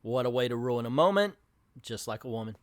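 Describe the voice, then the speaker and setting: A comics channel host with an expressive mid-range voice, a little fast and with no echo, recaps a comic book casually. Chatty and self-deprecating, he reads panels aloud and voices characters when quoting them.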